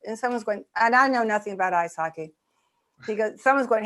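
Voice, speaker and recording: A woman documentary filmmaker telling an animated story in a video-call interview. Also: fast talker. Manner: lively storyteller, voices raise high when acting out quotes.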